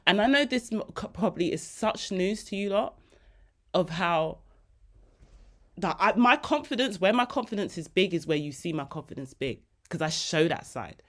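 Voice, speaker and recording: Woman podcast host, slightly low voice, open and chatty, slangy candid monologue. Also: lively intonation, normal speed, fairly bright tone.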